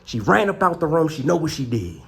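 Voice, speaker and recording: A man vlogging about his pets, telling a story in a casual, animated way and swearing constantly. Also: on the high side, fairly quick, vocal fry. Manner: animated, profane, heavy cursing. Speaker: pet owner vlogger.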